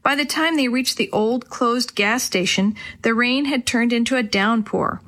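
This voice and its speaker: A woman narrating a children's storybook chapter in a clear, expressive way. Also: on the high side, measured pace. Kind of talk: storybook reading.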